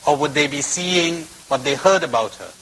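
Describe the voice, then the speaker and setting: A spiritual teacher addresses a retreat crowd at a normal speed, his slightly high, fairly bright voice full of lively intonation. The old-tape recording is rough, with slight background noise, as he tells stories and repeats phrases for emphasis.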